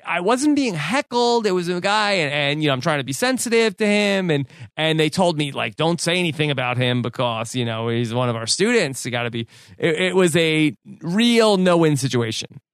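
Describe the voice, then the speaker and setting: A man's voice: a little high, lively intonation, moderate pace, fairly bright tone, clear, resonant tone, no room sound, clean studio sound. A man on a podcast, casually telling a story with many fillers and restarts. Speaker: podcast co-host. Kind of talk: casual chat recounting a story.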